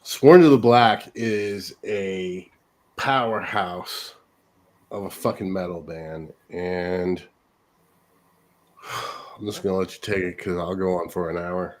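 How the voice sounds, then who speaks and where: Low-voiced man hosting radio chat. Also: steady tone, takes it slowly, long pauses. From California. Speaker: radio host.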